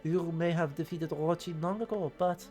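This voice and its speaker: A man voicing a vain, flamboyant male swordsman prophet in a deliberately awful fake French accent, reading with mock grandeur. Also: on the high side, fairly even intonation, a little mellow, faint music behind, lightly acted. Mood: haughty. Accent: exaggerated fake French. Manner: theatrical, mock-grand reading of game lines.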